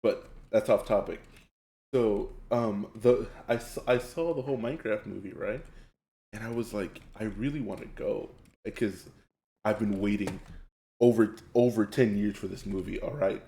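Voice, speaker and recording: A man streaming live, telling stories in a loud, excitable way and laughing often as he reads chat. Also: fairly low pitch, moderate pace, roomy sound. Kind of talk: casual storytelling while gaming on a live stream.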